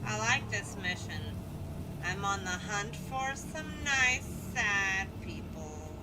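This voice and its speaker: A woman's voice: mid-range voice, lively intonation, slow, heavy background noise. A woman streaming a video game, chatting playfully and swearing freely with muttered asides, over game music. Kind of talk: casual gameplay commentary.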